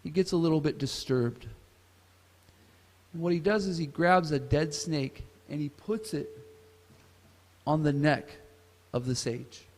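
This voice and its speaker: Male class speaker, somewhat high voice, storytelling scripture class, long hall reverb. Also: a little slow, long pauses, a little mellow. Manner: asks the audience questions. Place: temple hall.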